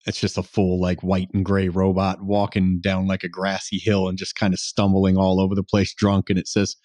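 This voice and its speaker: A man's voice: deep voice, monotone, moderate pace, few pauses, darkish tone, no room sound. A man hosting a casual podcast interview, laid-back and joking with his guest. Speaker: podcast host.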